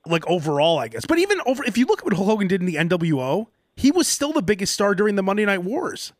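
A man co-hosting a casual wrestling podcast who laughs a lot and breaks into loud mock shouts. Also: high-pitched, sing-song, quick pace, no echo, clean studio sound. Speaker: podcast co-host. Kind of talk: casual chat.

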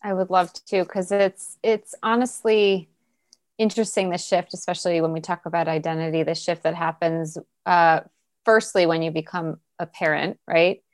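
An eager, earnest woman coach, talking as a guest in an interview, often restarting her sentences as her thoughts run ahead. Her voice sits slightly low for a woman, and the recording is dry, with no room sound. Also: level tone, normal speed, no echo. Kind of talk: conversational interview.

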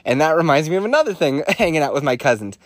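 A man's voice: a little high, fast, no echo. A man telling crude comic stories alone at his mic, laughing often and swearing freely while he is congested from a cold. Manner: profane, laughs often, animated storytelling. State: congested sinuses. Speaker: podcast host. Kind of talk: casual comedic monologue.

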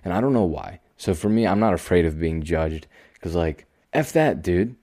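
A young man hosting his own podcast, talking calmly and slowly in a rambling, self-deprecating way. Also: low-pitched, no echo, clean studio sound. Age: young adult. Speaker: podcast host. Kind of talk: casual solo podcast monologue.

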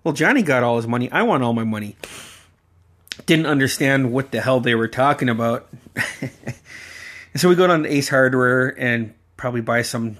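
A man's voice: medium pitch, moderate pace, long pauses, a bit bright. A man from Alaska hosting a podcast, telling personal stories in a rambling, casual way, laughing often and swearing freely. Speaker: podcast host.

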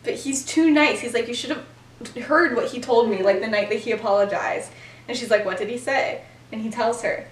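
A woman's voice: a little high, fairly quick. Giggly young woman retelling a story. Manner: chatty and giggly, acting out the characters' quoted lines. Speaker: podcast host. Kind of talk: casual storytelling recap. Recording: roomy, distant mic with faint noise.

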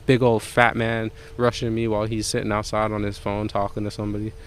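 A man's voice: fairly low pitch, a little fast, a little hiss or hum. Profane young man telling a story. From Jamaica. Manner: profane, rambling, animated. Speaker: podcast guest. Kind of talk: casual storytelling chat.

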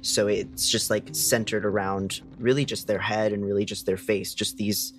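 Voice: low voice, little pitch movement, normal speed, soft background music. A tabletop player describing a scene in a rambling way, full of fillers. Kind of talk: casual tabletop play.

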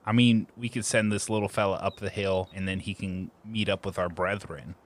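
Dry, wry tabletop player. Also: male voice, low-pitched, steady tone, fairly quick. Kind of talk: casual tabletop game play.

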